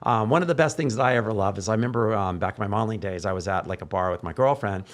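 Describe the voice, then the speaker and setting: Fast-talking male podcast host. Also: lowish voice. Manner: animated storyteller, acts out quoted voices. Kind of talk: casual podcast chat.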